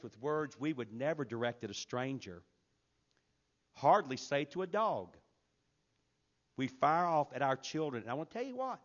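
A man preaching a sermon with emphatic delivery, shifting between loud, forceful passages and hushed, quiet ones. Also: mid-range voice, expressive, normal speed, long pauses, dull audio. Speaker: pastor.

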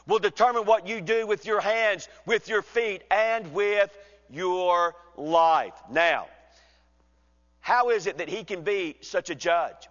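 A man preaching an expository sermon, measured and emphatic, slowing down to read scripture. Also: high voice, a bit bright. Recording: dull sound with long hall reverb.

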